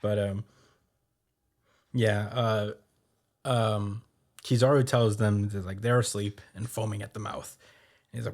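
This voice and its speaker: A man's voice: on the low side, flat delivery, darkish tone. A man hosting a podcast, giving a loose, rambling recap full of fillers. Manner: rambling, many fillers, quick laughs. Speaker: podcast host. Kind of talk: casual episode recap.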